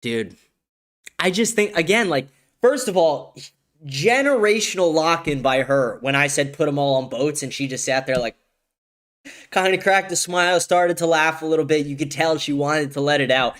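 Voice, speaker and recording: A man's voice: fairly high pitch, moderate pace, fairly bright tone. A man hosting a livestream, reading chat messages and joking crudely in a brash, casual way. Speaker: livestream host.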